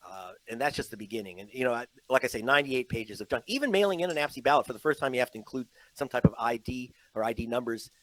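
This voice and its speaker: In an animated online interview, a journalist guest speaks rapid-fire with few pauses, telling stories with emphasis and mimicking others in mocking voices. His mid-range voice sounds a bit bright, without echo, in a rough recording.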